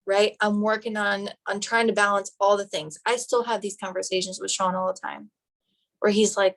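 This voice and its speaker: A young woman giving an animated, direct motivational talk to her team on a live phone video. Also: medium pitch, brisk, rough recording. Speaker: team leader and nurse.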